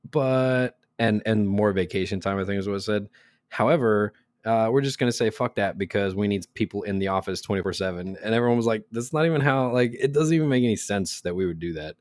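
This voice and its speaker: A man's voice: sits low, a little mellow, no room sound. A young adult man co-hosting a podcast in casual chat, with a dry, teasing sense of humor. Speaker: podcast co-host.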